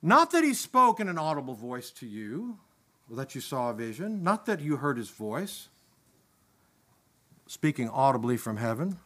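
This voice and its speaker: A man preaching a sermon, impassioned, swinging from emphatic peaks down to low, quiet asides. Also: very animated, moderate pace.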